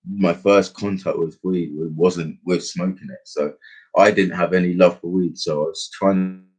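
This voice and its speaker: A man's voice: deep voice, steady tone, normal speed, darkish tone, breathy edge. A young man telling a rambling personal story in casual slang, full of fillers and restarts. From England. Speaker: podcast host.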